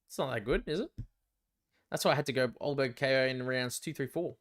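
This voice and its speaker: A young Australian man hosting a live fight watch-along, chatty and excitable, swearing freely as he reacts. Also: mid-range voice, brisk. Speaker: livestream fight companion host.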